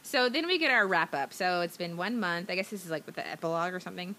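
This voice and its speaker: A woman's voice: fairly low pitch, animated, quick pace, sharp tone. A woman co-hosting a podcast, recapping a movie plot in rambling casual chat with lots of fillers and giggles. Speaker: podcast co-host.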